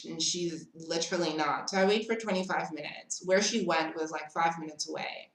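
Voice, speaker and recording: A woman's voice: low-pitched, normal speed, roomy sound, rough recording. A young woman telling a dramatic story in a casual, chatty way, full of "like". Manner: animated, dramatic storytelling with lots of "like". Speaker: vlogger.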